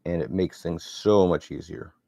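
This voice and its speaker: A man's voice: sits low, normal speed, creaky, mellow, no echo. A middle-aged man chatting casually and rambling as he narrates his sculpting work. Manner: rambling, chatty, self-deprecating. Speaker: sculptor vlogger.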